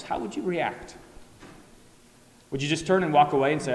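A man's voice: a little high, expressive, normal speed, pauses often, a bit bright. Earnest male pastor in echoey church. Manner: earnest, rhetorical questions, acts out imagined replies. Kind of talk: sermon. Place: church sanctuary.

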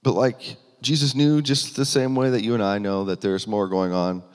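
A man's voice: lowish voice, level tone, normal speed. A man preaching a sermon in an earnest manner, voice rising for emphasis, with frequent restarts. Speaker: pastor. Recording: long hall reverb.

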